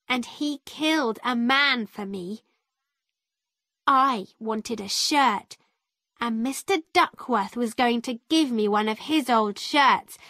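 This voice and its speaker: A woman's voice: on the high side, sharp tone, no room sound, studio quality, full character voice. A woman reading the lines of a proud, angry young village boy in a storybook, speaking bluntly and boastfully.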